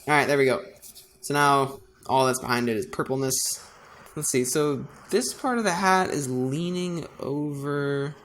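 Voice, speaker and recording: A man's voice: medium pitch, measured pace, fairly bright tone, slight background noise. A man designing on a computer, thinking aloud in a casual, self-deprecating way. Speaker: designer narrating his work. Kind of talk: casual screen-recording commentary.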